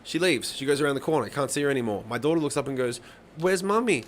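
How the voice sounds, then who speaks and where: A man's voice: mid-range voice, racing, a little hiss or hum. A man, telling stories in a casual live-stream chat and acting out the voices of the people in them. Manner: animated storyteller, swears a lot, acts out voices. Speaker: host of a live songwriting stream.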